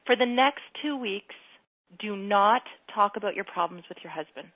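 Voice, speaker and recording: A woman's voice: mid-range voice, moderate pace, dry recording. A woman hosting a call-in advice show, direct and coaching, often acting out sample lines for the caller. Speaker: radio advice host. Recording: phone-like radio audio.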